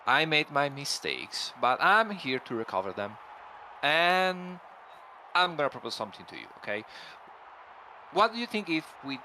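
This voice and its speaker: A man plays a calm wrestler in a homemade voice drama, trying to talk an angry friend down. His mid-pitched voice rises and falls a lot and sounds bright and firm, with faint background hiss. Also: heavily acted, poor audio. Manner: soothing, repeats "okay". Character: calm male wrestler ally, level-headed peacemaker. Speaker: wrestler character. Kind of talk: amateur voice drama in a game.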